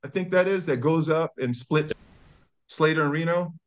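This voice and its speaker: A man's voice: a little high, normal speed. A middle-aged man, a former college football player telling stories as a podcast guest, acting out the voices of the people in them. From New York. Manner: animated storyteller who acts out quotes. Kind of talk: casual storytelling.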